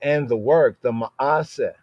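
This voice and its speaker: A man on a podcast teaching a Bible passage in a casual, conversational way. He checks in with "right?" after almost every phrase and slows down when he reads the verses aloud. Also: medium pitch, no echo, highs cut off. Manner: conversational, frequent "right?" tag questions.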